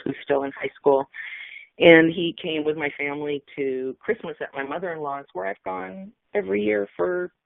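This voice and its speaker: A middle-aged woman sharing a personal account on a call, halting and emotional, with many fillers. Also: low voice, gravelly, no room sound. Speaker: webinar speaker. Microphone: phone line. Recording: tinny phone line, dry.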